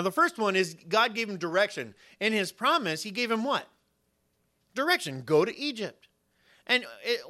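A man preaching with a bright, fairly high voice. He speaks earnestly and swells to loud emphasis, voicing God's replies himself. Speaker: pastor. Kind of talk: sermon.

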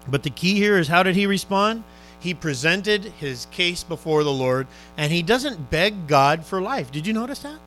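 A male preacher pleads and exhorts through a sermon, his voice pitched high and bright. He swings from forceful, urgent appeals down to hushed, searching questions. Soft music lingers faintly beneath him. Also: lively intonation, moderate pace, low-quality recording. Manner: fervent, exhorting, swings between loud and hushed.

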